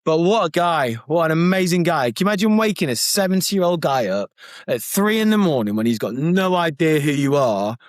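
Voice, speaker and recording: A man co-hosting a podcast, telling an anecdote in an excitable, animated way. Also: on the high side, a little fast, no room sound, studio quality. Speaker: podcast co-host. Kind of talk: casual anecdote-telling chat.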